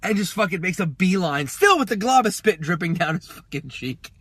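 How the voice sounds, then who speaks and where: A man co-hosting a casual talk show, telling a story in an animated way and swearing often. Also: high-pitched, fairly quick, husky, no room sound. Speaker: podcast co-host.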